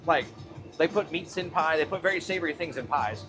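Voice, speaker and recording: A man's voice: fairly high pitch, expressive, a little fast, music in the background. A man hosting a livestream from his truck cab, talking loosely with his chat and swearing casually as he drives.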